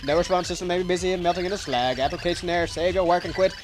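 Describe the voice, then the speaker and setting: A man's voice: high voice, very fast, slight background noise, natural voice, low-quality recording. A man voicing a stern, formal robotic dragon guardian in a video game, announcing like a computer. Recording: game music behind.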